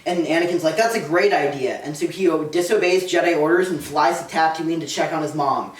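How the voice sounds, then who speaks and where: In an echoey room picked up by a distant mic, a man with a slightly high, steady voice talks a little fast. He's presenting a casual, comedic lecture to a small live audience, rambling sarcastically and dropping in plenty of "like" asides.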